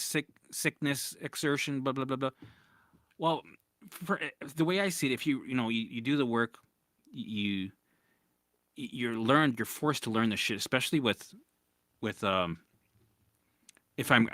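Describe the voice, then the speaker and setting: A man's voice: mid-range voice, no room sound, studio quality. A man hosting a casual live-stream Q&A as a recovery coach, talking bluntly with swearing and frequent restarts. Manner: blunt, profane, animated, with lots of restarts.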